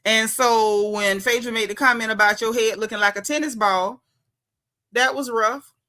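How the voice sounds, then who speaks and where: Sassy, bright-voiced woman dishing reality TV. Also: on the high side, fairly even intonation, normal speed. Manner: sassy, emphatic, repeats her punchlines; talks straight to viewers as y'all. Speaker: reality TV commentary vlogger. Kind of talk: casual reality TV commentary.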